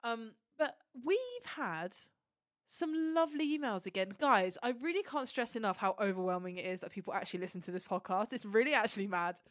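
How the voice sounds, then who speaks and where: A woman's voice: medium pitch, brisk, no room sound, clean studio sound. A young woman co-hosting a podcast, telling stories in a gushing, emotional casual chat. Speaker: podcast co-host.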